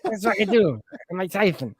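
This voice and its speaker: A man doing an impression of a boxer, making loud threatening boasts. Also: high-pitched, animated, brisk. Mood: menacing.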